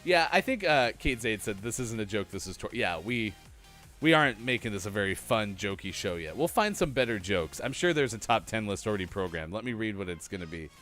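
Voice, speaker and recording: Lively deep-voiced male show host. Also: fairly quick, soft background music. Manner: chatty, laughs at his own jokes. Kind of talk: casual live-stream chat.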